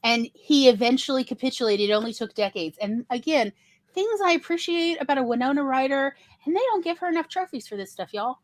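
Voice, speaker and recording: A woman hosting a casual panel chat, talking in an animated, digressive way. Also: high-pitched, brisk, no room sound. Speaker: host.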